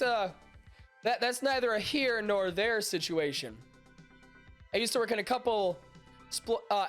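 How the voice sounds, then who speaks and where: High-pitched and a little bright, a young man's allergy-stuffed, nasal voice carries his podcast stream as he talks casually and crudely with chat. He swears a lot, jokes around, and makes fun of himself.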